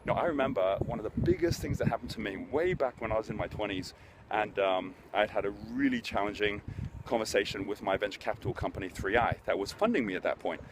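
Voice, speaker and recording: A man's voice: fairly low pitch, fast, noisy background. A middle-aged man hosting a motivational business talk, telling stories in an earnest, conversational way. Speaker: host, business speaker.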